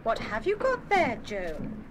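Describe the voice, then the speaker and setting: A brisk, firm schoolteacher. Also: female voice, a little high, wildly swooping pitch, full character voice. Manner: crisp, dryly humorous authority. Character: brisk, firm woman teacher at a boarding school. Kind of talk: 1970s radio play acting. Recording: hissy old vinyl record.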